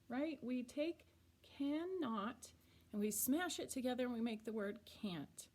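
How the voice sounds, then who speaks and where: Woman teacher, kids' reading lesson, unhurried and clear, slightly high voice. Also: expressive. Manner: slow, patient, deliberately sounds words out. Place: school or classroom.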